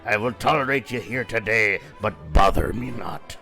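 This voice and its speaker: A man's voice: fairly low pitch, moderate pace, vocal fry, sharp tone, soft background music. A man voicing a grumpy old male innkeeper who scolds in a haughty, quavering manner. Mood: scornful. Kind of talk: reading game dialogue aloud in a voice.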